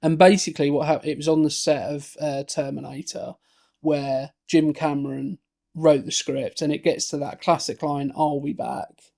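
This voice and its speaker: Gravelly man chatting about films. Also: a little high, steady tone, normal speed, darkish tone. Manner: rambling, many fillers and restarts. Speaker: podcast co-host. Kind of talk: casual film discussion.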